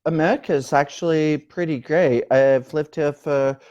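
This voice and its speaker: Slow, joking older British-born man. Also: on the high side, steady tone, darkish tone, clean tone, highs cut off. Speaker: guest.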